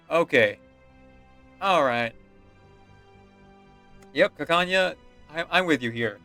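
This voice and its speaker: Bright-voiced man giving chatty commentary. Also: fairly high pitch, expressive, slow pace, long pauses, soft background music. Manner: chatty, musing, with filler ums. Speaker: voice actor and streamer. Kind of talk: casual reaction commentary.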